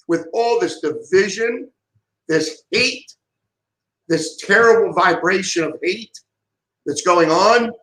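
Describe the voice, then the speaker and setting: A man's voice: high voice, a bit bright, echoey room, poor audio. A middle-aged man delivering an impassioned monologue, heated and emphatic, often repeating himself. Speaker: vlogger giving a political rant.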